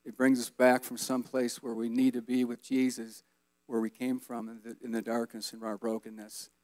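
A man's voice: mid-range voice, moderate pace, no room sound. Folksy man sharing a church testimony. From Colorado, USA. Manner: relaxed, folksy, rambling with fillers. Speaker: guest speaker. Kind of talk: personal testimony storytelling. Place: church service.

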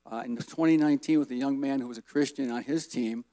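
A man in his fifties giving a relaxed, rambling personal testimony as guest speaker at a church service. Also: mid-range voice, quick pace, no echo. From Colorado, USA. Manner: relaxed, folksy, rambling with fillers.

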